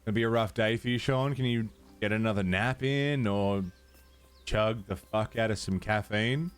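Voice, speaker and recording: A man's voice: lowish voice, normal speed, clear, resonant tone, faint music behind. A man streaming a game live, chatting casually with his viewers and fussing at his cat as he plays. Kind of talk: casual livestream chat.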